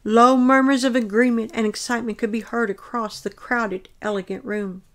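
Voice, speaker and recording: A woman reads her dream account aloud in an earnest, measured, descriptive manner. Her voice sits somewhat high for a woman. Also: fairly even intonation, fairly bright tone.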